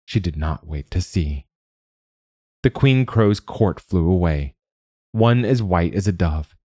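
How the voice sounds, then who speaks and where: A man reading a fantasy story aloud in a measured, deliberate way as a podcast narrator. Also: deep voice, mellow, no echo, studio quality. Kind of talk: scripted narration.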